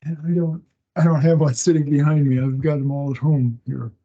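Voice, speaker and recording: Recording a class lecture from home, a male instructor with a fairly high, level voice speaks slowly and haltingly, with many pauses, restarts and fillers, sounding out words one by one and repeating them. The audio is a dull, lo-fi online meeting recording.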